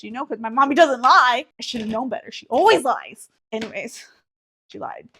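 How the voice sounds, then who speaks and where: High, animated young woman podcaster. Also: fairly quick, slight background noise. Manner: animated, swearing, exaggerated retelling. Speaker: podcast co-host. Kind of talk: casual storytelling chat.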